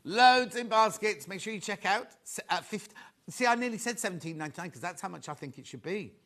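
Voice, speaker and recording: Chatty, lively man selling on air. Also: high voice, fairly quick. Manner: chatty, excitable, rambling asides to crew. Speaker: shopping channel presenter. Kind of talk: live selling chat.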